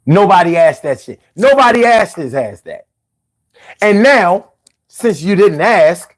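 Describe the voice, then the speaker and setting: A man's voice: high voice, big pitch swings, unhurried. A man giving a heated, profane political rant as a commentator, talking straight to his viewers. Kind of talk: ranting commentary.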